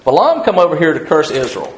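A man's voice: fairly high pitch, huge pitch swings, fast talker, slight background noise. Folksy rambling male Bible teacher. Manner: rambling folksy storytelling with many fillers. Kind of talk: casual Bible study teaching.

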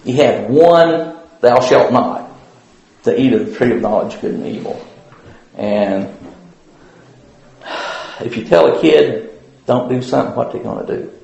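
A man's voice: mid-range voice, unhurried, creaky, long pauses, darkish tone, lo-fi sound. A man giving an informal Bible lesson at church in a folksy, rambling way, with many fillers and restarts. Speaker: Bible study teacher. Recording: very echoey room.

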